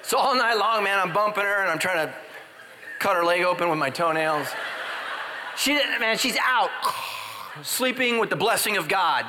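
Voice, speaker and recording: A man preaching a humorous sermon as a pastor, telling stories and swinging from loud high exclamations to quiet confessional asides. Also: normal speed, long reverb tail, background noise. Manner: animated, jumps into loud high exclamations and drops to hushed confessions.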